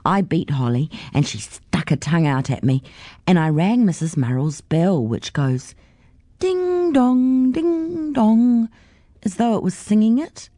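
A woman's voice: low voice, animated, normal speed, dark tone, dry recording, studio quality. A woman reading a children's story aloud in a childlike first-person telling. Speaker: storybook reader.

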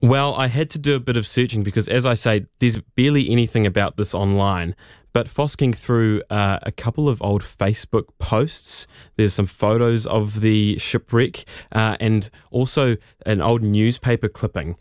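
Brief: informal New radio producer, lowish voice, dry studio sound. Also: male voice, moderate pace, darkish tone, dry recording. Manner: chatty, informal, with fillers. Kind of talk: storytelling radio report. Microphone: studio microphone.

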